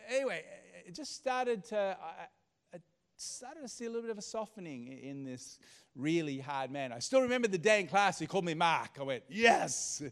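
Male pastor, animated sermon storyteller, hushed-to-loud delivery. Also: a little high, clear, resonant tone. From Australia.

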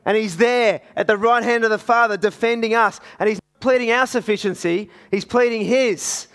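A man's voice: high-pitched, moderate pace, a bit bright. A man with an Australian accent preaching a sermon in a conversational, storytelling way.

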